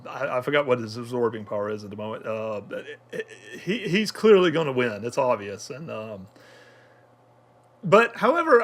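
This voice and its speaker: A man's voice: fairly high pitch, a bit bright. A man talking through an anime episode in casual review commentary, rambling with many fillers and restarts.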